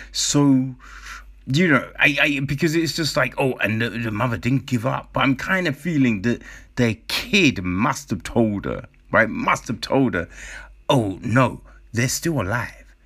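Man, casual commentary, lively pitch swings, unhurried, profane and full of rhetorical questions. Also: breathy edge. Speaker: commentator reacting to a documentary.

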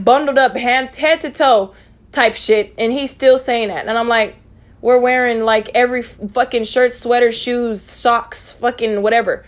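A woman's voice: a little high, fairly even intonation, moderate pace. A young woman telling a storytime vlog in a rambling, profane, conversational way, full of dismissive asides. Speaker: vlogger.

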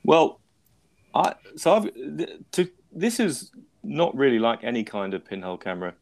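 A man's voice: medium pitch, very animated, moderate pace, creaky. A man hosting a podcast, telling a story in a rambling, self-mocking way with lots of restarts. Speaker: podcast host. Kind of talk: casual chat.

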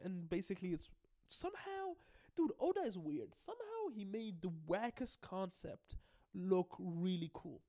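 A man giving an excitable, casual recap, swearing freely and often stumbling and restarting. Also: high-pitched, moderate pace. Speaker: anime and manga recap host.

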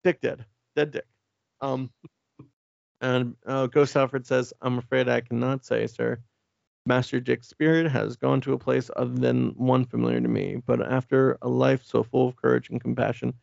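A man's voice: medium pitch, fairly even intonation, normal speed, vocal fry, darkish tone, no room sound, muffled recording. A man co-hosting a podcast, rambling and swearing as he recaps a comic and acts out the characters' lines. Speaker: podcast co-host. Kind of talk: casual chat recapping a comic.

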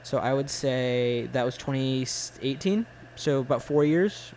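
A man in his twenties in casual chat about films, halting and blunt, with lots of fillers. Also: medium pitch, darkish tone, slight background noise, rough recording. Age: 20s. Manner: halting, full of "like" and "uh", blunt opinions. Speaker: film fan in conversation.

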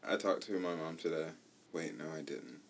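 A man in his twenties co-hosting a podcast in casual chat, animated and playful, laughing often. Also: a bass voice, normal speed, gravelly. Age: 20s. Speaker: podcast co-host.

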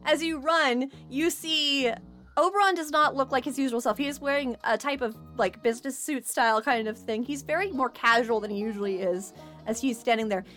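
A woman game master narrating a tabletop role-play, animated and giggly, with lots of fillers. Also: high voice, brisk, soft background music.

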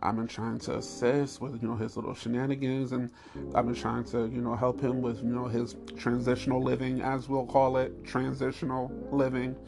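A man hosting a podcast, telling a story in a candid, animated and profane way. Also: moderate pace, gravelly, over music. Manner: animated, profane storytelling with high squeals and laughs. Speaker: podcast host.

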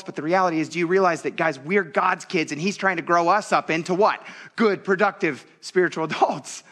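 A pastor delivers his sermon in an animated, conversational way, speaking straight to his congregation. His voice sits slightly higher than most men's. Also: brisk.

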